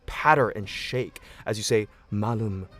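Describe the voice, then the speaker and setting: A man running a tabletop game as game master, describing scenes at length at a mid pitch. He talks easily, often restarting his phrases, with faint music behind him. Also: lively intonation, normal speed, a bit bright. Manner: descriptive, accommodating, with frequent restarts.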